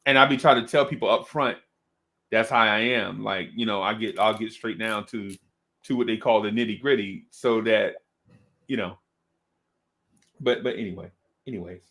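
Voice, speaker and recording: A man's voice: lowish voice, moderate pace, long pauses, a bit bright. A man hosting a casual chat, rambling and slangy, with lots of restarts. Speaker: host.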